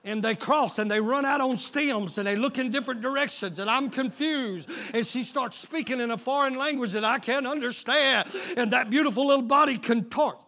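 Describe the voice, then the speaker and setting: A middle-aged male pastor preaching a sermon, swinging from hushed asides to shouted call-and-response. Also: very high-pitched, normal speed, hardly any pauses. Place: church sanctuary.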